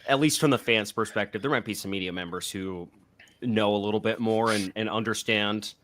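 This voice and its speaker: Man, fairly low voice, casual sports chat, halting restarts. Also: steady tone, fairly bright tone. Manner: thinks aloud, stumbles and repeats words. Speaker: podcast co-host.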